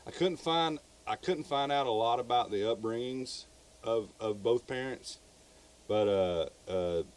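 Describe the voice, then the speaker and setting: A man's voice: mid-range voice, a little slow. A man with a Southern US accent, co-hosting a podcast and casually telling a true crime story. He rambles, repeats words and swears freely.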